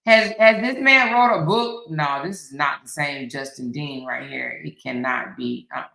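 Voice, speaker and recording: A woman talking casually to her viewers as a host, speaking in with animated, dramatic exclamations. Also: deep voice, moderate pace, gravelly, few pauses, roomy sound, low-quality recording. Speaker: commentary livestream host.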